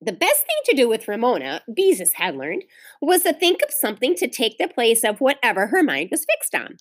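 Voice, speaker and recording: A woman teacher reading a children's novel aloud to her class, pausing to talk to the children. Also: on the high side. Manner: expressive storytelling, pauses to explain to children.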